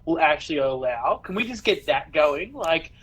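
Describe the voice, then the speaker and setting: Australian male co-host, higher husky voice, mocking and ranty. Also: sing-song, normal speed, a bit bright, poor audio. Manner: teasing, sarcastic banter. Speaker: podcast co-host. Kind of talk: casual chat.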